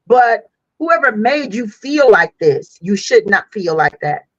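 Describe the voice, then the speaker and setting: A woman's voice: medium pitch, big pitch swings, slow pace, no room sound. Frank woman on a dull, dry line. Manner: frank, chatty, slangy. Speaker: podcast co-host. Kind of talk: casual podcast chat.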